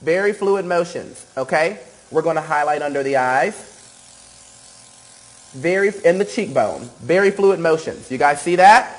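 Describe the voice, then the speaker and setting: Guy doing a live airbrush makeup demo, hyped, kinda higher pitched. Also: animated, a little slow, rough recording. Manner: enthusiastic, repeats cues and says okay often. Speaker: makeup artist demonstrating airbrush. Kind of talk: live tutorial demonstration.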